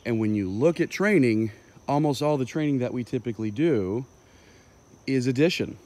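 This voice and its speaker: A man's voice: medium pitch, animated, moderate pace, darkish tone. A man, a dog trainer, explaining his methods in a loose, impromptu way on an outdoor walk, thinking aloud with plenty of fillers.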